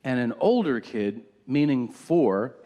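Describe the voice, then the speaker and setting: A man doing a stand-up routine on stage, telling stories in an animated way and acting out voices with shouted punchlines. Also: mid-range voice, slow, dull audio. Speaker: stand-up comedian. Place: comedy stage before a live audience. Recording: live show with roomy reverb and crowd noise.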